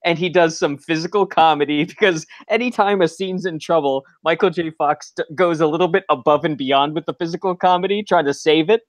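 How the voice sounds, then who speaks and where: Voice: mid-range voice, a little fast, hardly any pauses, no room sound. A podcast co-host chattily retelling an episode in casual chat, rambling with filler words.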